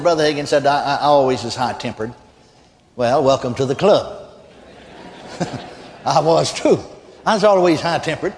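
An older man preaching a sermon, telling stories in a folksy, animated way that rises to shouts of praise. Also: fairly high pitch. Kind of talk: sermon storytelling. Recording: hall reverb.

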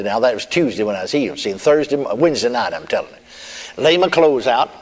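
A preacher with an expressive, mid-range voice gives a sermon testimony fairly quickly in a folksy storytelling style, chuckling and adding "amen." Faint music plays behind him, and the recording has a long hall reverb.

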